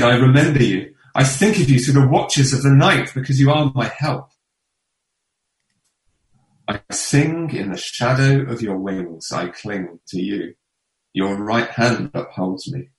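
A man reading scripture aloud in a church in a measured, solemn way. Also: medium pitch. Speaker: scripture reader. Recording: echoey room, far from mic.

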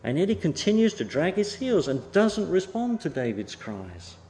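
A male preacher delivering a Bible sermon in a fairly high voice that swings widely in pitch. He leans hard on key words and then lets his sentences sink quietly at the end. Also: sing-song, moderate pace. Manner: emphatic, rising for stress and dropping soft at phrase ends. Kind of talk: expository sermon.

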